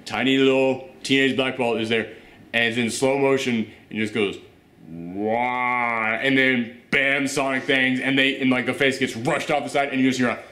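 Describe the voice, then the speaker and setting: A man's voice: mid-range voice, flat delivery, moderate pace, sharp tone. A man hosting a casual TV review who jokes and acts out scenes in little voices as he talks. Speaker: review show host. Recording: roomy echo.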